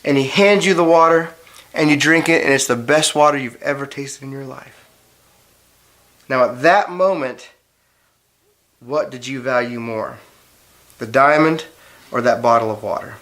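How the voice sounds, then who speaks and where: A middle-aged father with a medium-pitched, slightly bright voice speaks a little slowly, leaving long pauses. He tells his daughter a playful, dramatic story to drive home a lesson, building suspense as he goes.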